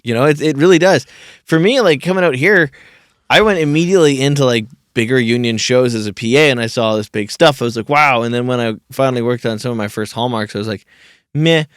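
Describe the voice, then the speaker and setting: A man hosting a podcast, talking in a relaxed, casual way with plenty of filler words. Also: medium pitch, fast, no room sound, clean studio sound. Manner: relaxed, laid-back, heavy on filler words. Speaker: podcast host. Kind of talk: casual conversation.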